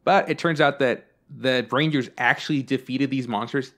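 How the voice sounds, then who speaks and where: A male podcast host rambles through casual stories, swearing freely and filling his talk with fillers. His medium-pitched voice is a bit bright, with fairly even intonation and a moderate pace.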